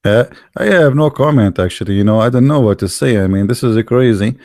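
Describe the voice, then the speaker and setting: A man's voice: medium pitch, animated, fairly quick, darkish tone, no room sound, studio quality. A man speaking English as a second language, mocking a religious text in sarcastic, incredulous commentary. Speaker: online religion critic.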